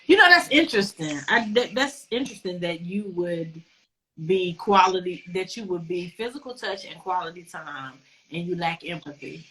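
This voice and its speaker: Bright-voiced woman host, teasing and direct. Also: on the low side, lively intonation, normal speed, slightly rough. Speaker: interview host. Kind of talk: casual conversation.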